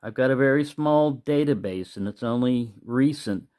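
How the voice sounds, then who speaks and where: A man's voice: medium pitch, moderate pace, a little mellow. A man hosting his own channel, talking in a loose, meandering way in a casual monologue. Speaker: knife collector and channel host.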